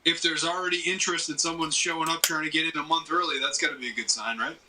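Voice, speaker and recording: A man co-hosting a casual chat show, talking in a halting way with frequent filler pauses. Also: fairly high pitch, steady tone, distant mic, background noise. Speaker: co-host.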